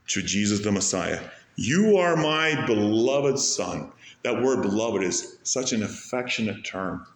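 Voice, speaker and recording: A man preaching a sermon, swinging between loud rising peaks and soft low passages, slowing way down to stretch key phrases. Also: echoey room. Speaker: pastor.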